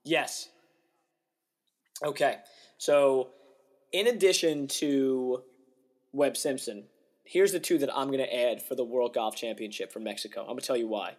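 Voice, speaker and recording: A young man in casual podcast chatter, mid-pitched and lively. He jokes around and rolls straight into his next thought. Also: a little slow, long pauses. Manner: animated, jokey, mimics players' voices. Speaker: podcast co-host. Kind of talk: casual chat.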